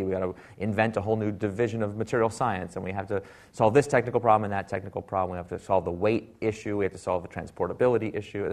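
Wry low-voiced man telling a story. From Silicon Valley, US. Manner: wry, quick, acts out quoted people. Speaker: author speaking at a talk. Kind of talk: storytelling talk.

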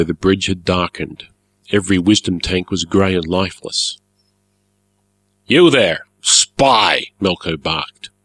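A man narrating a story in a measured, formal, wry manner. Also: deep voice, dry recording.

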